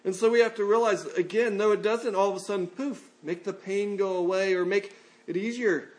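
A man's voice: high voice, steady tone, fairly quick, darkish tone. A male pastor preaching a conversational sermon and acting out the people in his stories.

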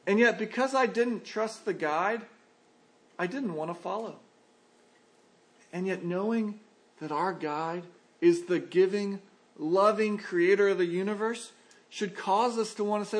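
Earnest male pastor, higher-pitched, preaching with lively voiced asides. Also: measured pace. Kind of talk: sermon.

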